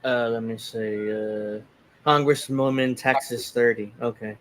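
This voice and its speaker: A man's voice: medium pitch, fairly even intonation, measured pace, slight background noise. A man hosting a casual political talk show, reading posts aloud in a mocking tone and commenting sarcastically. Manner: sarcastic, reads tweets aloud in mocking voices. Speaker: podcast host.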